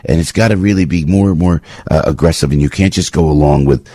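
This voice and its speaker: Older New talk radio host, rambling and fired up, deep and husky. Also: male voice, fast talker, dry recording. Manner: fired-up, rambling, swings from low to loud. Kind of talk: opinionated talk radio monologue.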